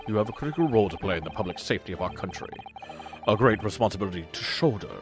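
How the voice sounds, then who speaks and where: A man's voice: on the low side, lively intonation, rapid-fire, music in the background, lightly acted. A man reading a stern old judge. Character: stern older male judge.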